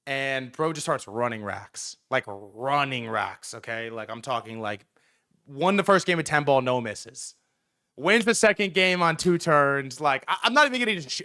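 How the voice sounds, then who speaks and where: Animated young man telling a story, bright voice. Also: dry recording, clean studio sound. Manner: animated, lots of fillers and repeats, jumps high when quoting himself. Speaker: livestream host. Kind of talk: casual storytelling on a livestream.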